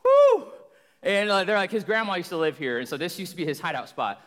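A young man preaching as a guest in a church, loud and joking as he tells a long funny story. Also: high voice, expressive, quick pace. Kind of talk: sermon. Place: church hall. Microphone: handheld or stage microphone. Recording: long reverb of a church hall.

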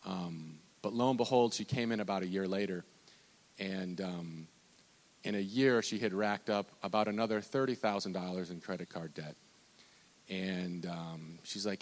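A man's voice: low voice, moderate pace, long reverb tail. A man who works at a bank, talking casually and rambling with many restarts and fillers. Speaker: bank loan officer. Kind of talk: casual talk.

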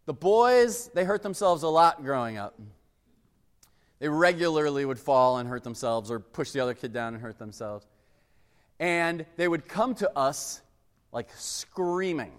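A pastor gives a loose, conversational sermon, telling family stories and acting out the scenes as he goes. His voice sits a little high for a man. It rings with the long reverb of a large hall. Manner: chatty, uses "like" a lot, acts out family scenes. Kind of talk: casual storytelling sermon.

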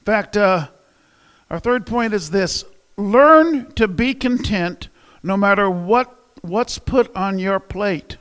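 Male pastor, high voice, conversational sermon, asks the room questions, echoing hall. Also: expressive, slow pace, a bit bright, clean tone. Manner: conversational, polls the congregation. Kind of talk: sermon with humor and audience interaction.

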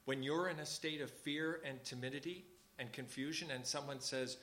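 A man's voice: mid-range voice, moderate pace, a bit bright. This is a man addressing his church in an informal service. He talks earnestly, like a conversation, and repeats key phrases for emphasis. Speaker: church leader.

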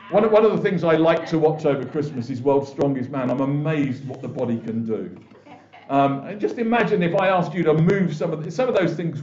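A man's voice: a little high, a little mellow. A man preaching a conversational sermon as pastor, often restarting and acting out what people say. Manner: conversational, with many restarts and quoted voices. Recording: echoey, dull church recording.

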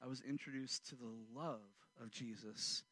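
Bright-voiced man preaching a story. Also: mid-range voice, moderate pace, no room sound. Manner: storytelling, animated, swings from loud to hushed. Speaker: pastor. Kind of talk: sermon with personal story.

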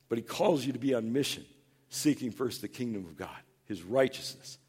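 A male pastor delivering a sermon in an earnest, conversational way, with a voice of middling pitch for a man. He talks with his listeners rather than at them, leaning into quoted lines with a livelier tone and easing down to a quieter delivery when he turns tender. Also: moderate pace, breathy edge. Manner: animated, acts out quoted voices in a higher, louder tone; earnest and conversational, drops soft for tender points.

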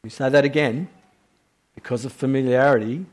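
A man preaching a sermon. He swings between raised, urgent questions and hushed, slow emphasis, and repeats key phrases for weight. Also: medium pitch, steady tone.

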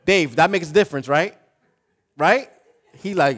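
A man preaching a sermon as pastor, talking in a conversational, animated way with playful asides. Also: a little high, measured pace.

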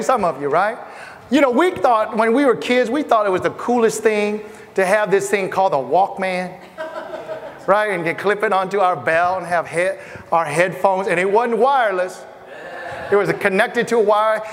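Man from Asia, middle-aged, pastor, chatty sermon, high voice, echoing hall. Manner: conversational preaching, addresses congregation directly. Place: church hall. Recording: long hall reverb.

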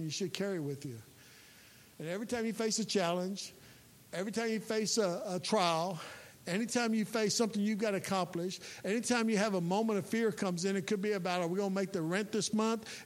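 High-voiced folksy preaching man. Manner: folksy, emphatic preaching with sudden loud peaks. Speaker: chaplain. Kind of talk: sermon. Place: church sanctuary. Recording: reverberant hall with faint hiss.

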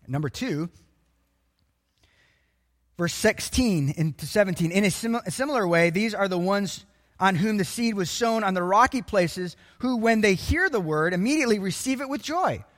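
A man preaching a sermon, emphatic and animated, quoting scripture. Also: high-pitched, normal speed, in a large hall. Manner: animated and emphatic, acts out voices of people.

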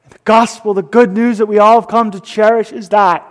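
A man preaching a sermon, swinging between loud emphasis and hushed whispers. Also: high voice, steady tone, a little fast. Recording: long reverb of a hall.

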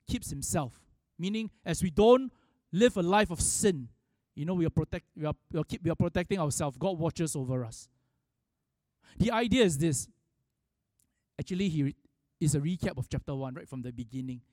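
High-voiced preacher, dry close sound. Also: male voice, animated, normal speed, a little mellow, dry recording. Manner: storytelling preacher with frequent restarts, rising for emphasis. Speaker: pastor. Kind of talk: sermon.

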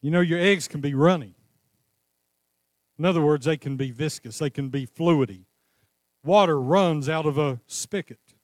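A man preaching a sermon, crying out passionately at times and easing into a calm teaching tone at others. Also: on the high side, normal speed, long pauses, no room sound, clean studio sound. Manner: impassioned preaching, rising to cries then dropping to a calm teaching tone. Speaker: pastor.

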